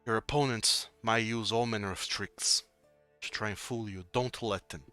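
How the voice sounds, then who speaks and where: A man voicing a sullen, proud young male warrior in a tabletop game, gruffly lecturing. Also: lowish voice, fairly even intonation, normal speed, bright, forceful tone, faint music behind.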